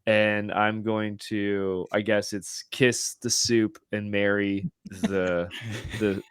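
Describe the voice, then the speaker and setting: A man's voice: on the low side, level tone, takes it slowly, clean tone, dry recording. A man as a podcast guest in casual chat, rambling with lots of fillers.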